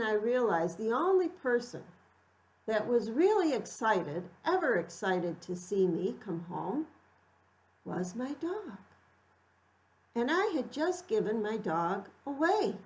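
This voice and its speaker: A middle-aged woman tells a personal story at a slow, unhurried pace. Her pitch sits mid-range for a woman, and she stays reflective, turning animated when she acts out what people said. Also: rough recording. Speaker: art vlogger telling a personal story.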